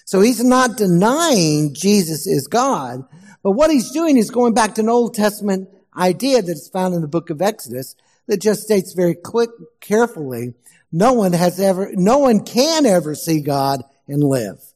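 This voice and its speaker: A man preaching a sermon as pastor, slow and emphatic, asking the congregation questions. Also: high voice, big pitch swings, a little mellow, big-room sound.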